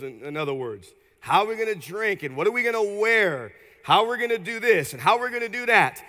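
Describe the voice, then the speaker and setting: A man pastor preaching an energetic sermon in a church, leading the congregation in call-and-response. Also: high-pitched, fairly quick, long reverb tail. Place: church sanctuary.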